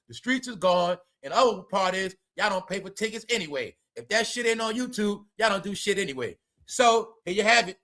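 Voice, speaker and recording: A man hosting a livestream, talking loudly in rambling, profane commentary, often saying "y'all". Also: sits high. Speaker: livestream host. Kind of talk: profane stream-of-talk commentary.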